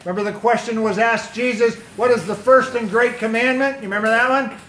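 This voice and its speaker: A man speaking as a pastor to a youth football team, lively, quizzing his listeners and repeating their answers. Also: very high voice, fairly quick, a little hiss or hum. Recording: echoey room.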